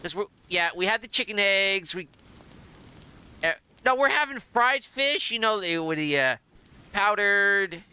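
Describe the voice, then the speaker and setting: Man, gameplay commentary, rambling, hesitant, very bright smooth voice. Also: high-pitched, lively intonation, unhurried. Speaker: gameplay streamer.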